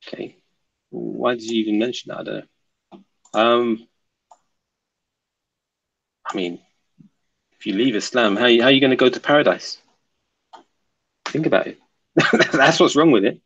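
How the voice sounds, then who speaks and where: Casual male streamer with mid pitch and a gravelly edge, answering viewer chat on a slightly dull home-stream recording. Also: a little slow, long pauses, fairly bright tone. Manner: reads viewer comments aloud and answers them, laughs often. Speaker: livestream host reading chat.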